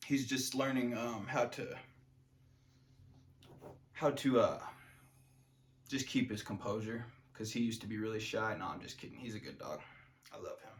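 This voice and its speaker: A man's voice: on the low side, moderate pace, long pauses, a little hiss or hum. A man talking casually to camera in a rambling vlog monologue, full of fillers and restarts. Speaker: vlogger.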